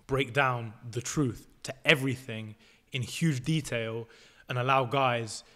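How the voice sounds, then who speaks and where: A man's voice: medium pitch, measured pace, pushed and bright. A 22-year-old man, a podcast guest who lays out his views step by step in a casual, assertive way and swears freely.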